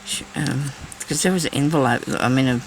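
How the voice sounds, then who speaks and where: A woman's voice: very deep voice, fairly quick, a little hiss or hum, poor audio. A woman chatting casually while she crafts, thinking aloud and talking to herself as she works. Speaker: crafting vlogger.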